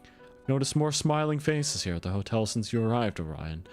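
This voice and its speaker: A man voicing a wise, very old grandfather in a video game, speaking slowly and gravely. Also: medium pitch, sing-song, a little mellow, faint music behind, natural voice. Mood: solemn. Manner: slow, grave, lecturing. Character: wise ancient grandfather, calm and solemn.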